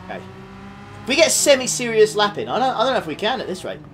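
A young man streaming a racing game, reacting excitably with frequent laughs and quick apologies while talking to his chat. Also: high-pitched, a little hiss or hum. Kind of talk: live racing game commentary. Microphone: desktop USB condenser mic.

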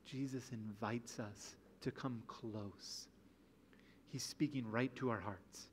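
A man's voice: mid-range voice, fairly even intonation, slow pace, slight background noise. A man preaching a sermon as pastor in a church, earnest and building to emphatic passages. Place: church sanctuary.

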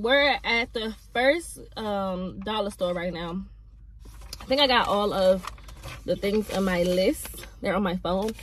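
A woman's voice: medium pitch, slight background noise. Chatty young woman vlogging her day. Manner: chatty, loose, lots of "um" and "y'all". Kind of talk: casual vlog chat. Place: at home, then out running errands. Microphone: phone or camera held close.

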